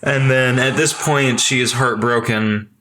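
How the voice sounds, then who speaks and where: Bright-toned man with dry asides. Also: medium pitch, fairly even intonation, unhurried, slight background noise. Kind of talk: casual film chat.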